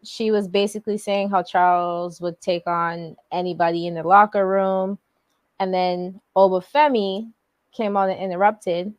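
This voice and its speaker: With a medium pitch, fairly even intonation and normal speed, a woman podcast co-host chats casually about a wrestling show. Her recap is loose and rambling, packed with fillers and slang, and the sound has no echo.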